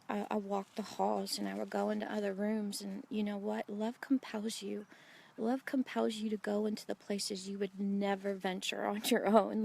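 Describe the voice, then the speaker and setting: A woman's voice: mid-range voice, vocal fry, darkish tone. A woman in her forties telling a faith story to the viewer outdoors in the woods, earnest and heartfelt. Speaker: Christian speaker sharing a testimony. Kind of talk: devotional vlog storytelling. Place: outdoors in a wooded hideout.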